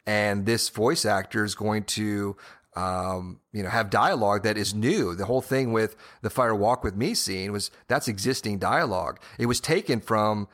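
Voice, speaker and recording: A man with a fairly low voice co-hosts a casual podcast and talks through his theories at length. He rambles and leans on filler phrases, and he restarts sentences often while he thinks. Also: normal speed, fairly bright tone. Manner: rambling, with many "you know"s. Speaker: podcast co-host. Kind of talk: casual TV-show discussion.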